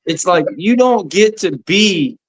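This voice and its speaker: A man's voice: sits high, animated, slow, no echo. A man arguing his point in profane, casual sports chat. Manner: profane, argumentative.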